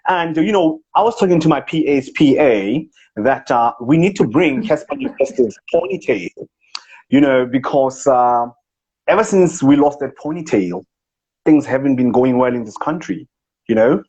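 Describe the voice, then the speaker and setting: A man with a South African accent doing a comic impression of a boastful, self-important rich businessman on a live video chat, in a husky voice. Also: medium pitch, expressive, normal speed, a little mellow. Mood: pompous. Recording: dull lo-fi live-stream audio.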